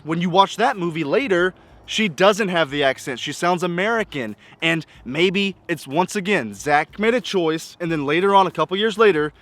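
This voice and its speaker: A man's voice: on the high side, a bit bright, no room sound. A man giving a casual spoken movie review, exasperated and nitpicking, stacking up rhetorical questions. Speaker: film reviewer.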